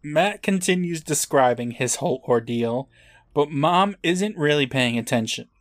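A man's voice: fairly high pitch, animated, measured pace, dry recording, studio quality. A man co-hosting a podcast, casually recapping an episode and chuckling as he acts out quotes. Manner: laughing storyteller, acting out quotes. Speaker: podcast co-host.

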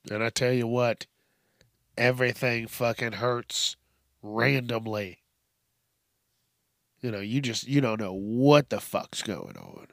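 A medium-pitched male voice in a dry recording belongs to a solo podcast host in his thirties, working from a small home studio with a studio mic. He rambles and swears, constantly restarting and filling gaps.

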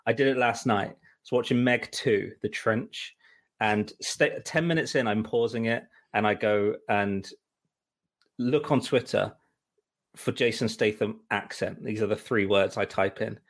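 A man's voice: on the low side, a little slow. Rambling man co-hosting a podcast. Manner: rambling, exasperated storytelling with many fillers. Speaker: musical director and co-host. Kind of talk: casual chat.

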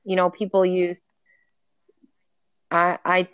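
A woman co-hosting a casual chat podcast, speaking in a measured, careful way as she recounts things. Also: on the low side, monotone, a bit bright, clean tone, no echo, highs cut off. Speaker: podcast co-host.

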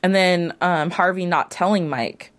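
A woman panelist in a casual chat, animated and quick to laugh. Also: fairly low pitch.

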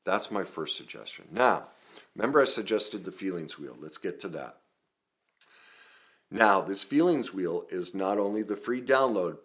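Man, middle-aged, very low-pitched, earnest self-help coach. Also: a bit bright. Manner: earnest, emphatic, personal storytelling. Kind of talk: self-help video talk.

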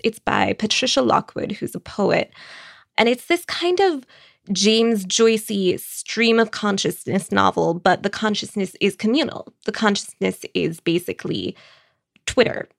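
A woman recommending books in a casual, wry, conversational way, with quick asides. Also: medium pitch, creaky, no room sound, clean studio sound. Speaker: book critic.

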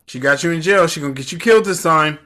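Casual male co-host, bright and forceful, higher-set voice, retells scenes with voices. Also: quick pace. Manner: animated, acts out lines in character voices, laughs often. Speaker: show recap co-host. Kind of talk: casual reaction chat.

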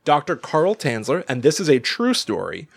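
A man's voice: a little high, gravelly, breathy edge. A man co-hosting a podcast, telling a story in casual chat with lots of restarts, fillers and laughs. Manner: animated, halting storyteller with many restarts and laughs. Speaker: podcast co-host.

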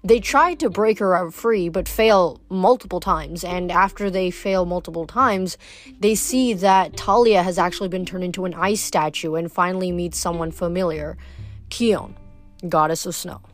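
A woman's voice: lowish voice, normal speed, soft background music. A woman summarizing and then reading a novel aloud, with frequent restarts and self-corrections. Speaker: book reader.

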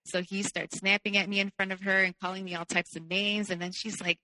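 A woman's voice: mid-range voice, little pitch movement, brisk, few pauses, bright, forceful tone, big-room sound, poor audio. A woman guest telling her personal story candidly, peppering her speech with "like". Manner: candid, heavy use of "like". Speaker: podcast guest.

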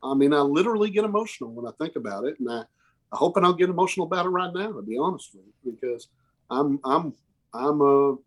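A man's voice: a little high, animated. Earnest man in his fifties. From Oklahoma. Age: 50s. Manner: earnest, emotional, halting restarts. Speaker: musician guest. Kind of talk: candid interview storytelling.

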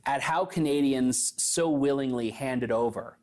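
A man interviewing a guest, asking questions in a conversational, halting, thoughtful way. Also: medium pitch, darkish tone. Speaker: show host, interviewer.

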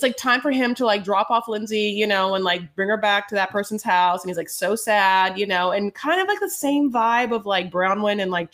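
A woman's voice: mid-range voice, a bit bright. Woman, podcast co-host, rambling casual talk, filler-heavy, says honey, mid-range voice. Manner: rambling, full of "like" and "you know", calls people honey. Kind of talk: casual recap chat.

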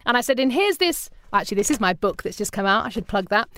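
British woman, lively interview guest, acts out quotes, dry close sound. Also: mid-range voice, fast, no room sound. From Britain. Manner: animated storyteller, acts out quoted people. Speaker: podcast producer, guest. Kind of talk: casual interview chat.

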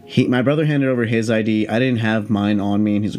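A man in his late twenties hosting a podcast, telling a story in a casual, rambling way, profane and animated. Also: lowish voice, fast talker, faint music behind. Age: late 20s. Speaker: podcast host.

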